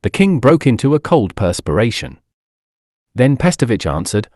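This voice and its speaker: Expressive male audiobook narrator, dry close sound. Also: mid-range voice, moderate pace, dry recording. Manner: expressive dramatic reading.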